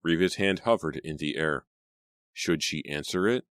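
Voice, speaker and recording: A man narrating an audiobook in a steady storytelling manner. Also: very deep voice, normal speed, dry recording, clean studio sound.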